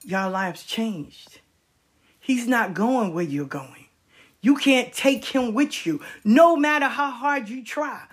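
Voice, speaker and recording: A woman's voice: a little high, lively intonation, slightly rough, heavily acted. A woman doing a wise, firm aunt. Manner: slow, firm, advising. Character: wise middle-aged aunt giving firm advice.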